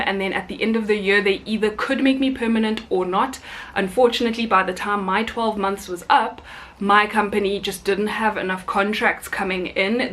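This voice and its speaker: A woman's voice: medium pitch, fairly bright tone. Chatty South African woman vlogger. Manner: chatty, apologetic asides. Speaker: flight attendant vlogger. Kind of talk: casual talk to camera.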